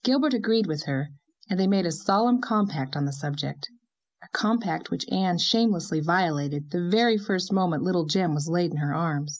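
A woman with a fairly low voice narrates a novel. She reads in an even, measured storytelling manner, steady from line to line. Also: highs cut off. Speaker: audiobook narrator. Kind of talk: scripted narration.

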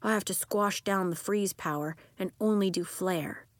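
A woman's voice: medium pitch, moderate pace, dry recording, close to an everyday voice. A woman doing a thoughtful, glum young boy. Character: worried young boy with fire and ice powers.

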